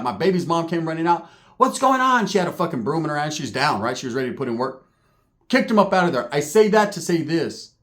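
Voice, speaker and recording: A young man telling a profane story in street slang and acting out the people he quotes. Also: fairly high pitch. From California. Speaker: commentary vlogger. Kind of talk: storytelling rant.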